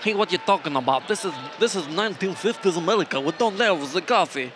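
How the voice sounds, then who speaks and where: A man playing an old 1950s New York mafia boss, gruff and mock-threatening, over outdoor noise. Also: high voice, steady tone, moderate pace, close to an everyday voice. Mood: indignant.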